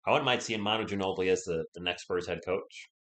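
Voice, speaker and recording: Hoarse young man calling a game live. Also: low voice, fast talker, roomy sound. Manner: chatty, answers viewers, holds back from yelling. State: sore throat, sounds sick. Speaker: live stream play-by-play host. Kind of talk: casual live commentary and chat reading.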